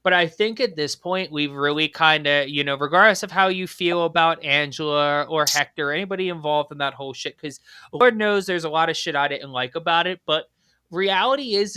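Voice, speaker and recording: Podcast host, bright high voice, dry sound, profane rambling questions. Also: male voice, smooth, no echo. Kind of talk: casual political podcast chat.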